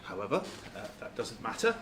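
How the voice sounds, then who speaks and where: Halting man giving a club talk. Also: fairly low pitch, huge pitch swings, noisy background. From Lancashire, England. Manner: halting, many fillers and restarts. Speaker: guest speaker. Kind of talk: informal club lecture.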